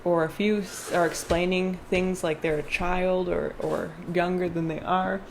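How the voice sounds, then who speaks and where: A woman's voice: lowish voice, fairly even intonation, unhurried, darkish tone, a little hiss or hum. A young woman chatting through a casual tarot card reading, rambling with fillers and restarts.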